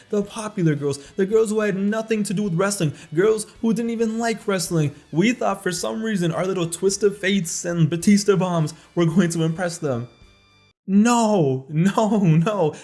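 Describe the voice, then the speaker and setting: Animated young man telling a story. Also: high-pitched. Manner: animated, slangy, laughing through the story. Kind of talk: casual storytime.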